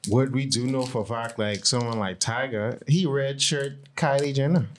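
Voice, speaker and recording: A podcast co-host chatting casually, teasing and jumping in with quick jokes. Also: mid-range voice, slight background noise. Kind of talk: casual chat.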